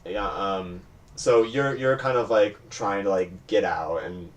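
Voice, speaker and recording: A man narrating as game master of a tabletop horror game, telling the scene in a relaxed, rambling way. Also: fairly low pitch, slow pace, lo-fi sound. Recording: distant mic with faint hiss.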